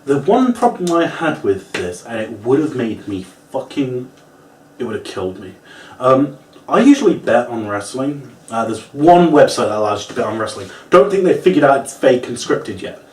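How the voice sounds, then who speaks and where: Animated man ranting in a roomy space. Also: medium pitch, normal speed. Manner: animated, swears often, acts out moves and quotes. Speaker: wrestling reviewer. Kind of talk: casual ranting review. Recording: roomy, distant from the mic.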